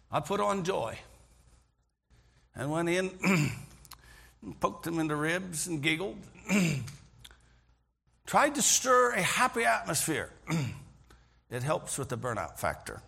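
A middle-aged male pastor preaching a sermon, telling stories earnestly and often clearing his throat. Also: a little high, very animated, takes it slowly, long pauses, pushed and bright. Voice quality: gravelly, husky voice. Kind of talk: sermon with storytelling.

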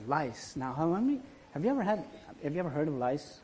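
A man's voice: fairly high pitch, sing-song, brisk, darkish tone. A man telling a Bible story and reading archaic scripture in a dramatic, emphatic way.

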